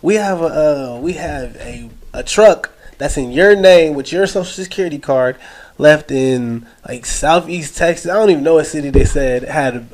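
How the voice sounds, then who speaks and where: A man on a casual podcast, his voice sitting a little high for a guy. He rambles through stories in laid-back slang, cursing as he goes. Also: normal speed, a little mellow. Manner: loose storytelling with slang and swearing. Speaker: podcast co-host. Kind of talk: casual chat.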